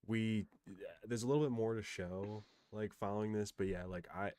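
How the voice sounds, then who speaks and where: A man's voice: lowish voice, fairly even intonation, normal speed, noisy background. A young man hosting a live stream, rambling and frustrated as he rants, with many fillers. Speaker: streamer host. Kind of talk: live stream commentary, ranting.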